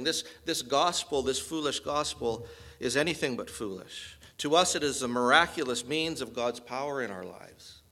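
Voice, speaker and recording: A man's voice: on the high side, bright, forceful tone. A man preaching an expository sermon as pastor, earnest and emphatic, with rhetorical questions.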